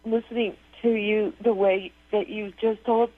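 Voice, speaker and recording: A woman on the phone to a radio show, halting and tearful as she talks. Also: medium pitch, fairly even intonation, no echo. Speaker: caller. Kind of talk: radio call-in conversation. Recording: tinny phone line.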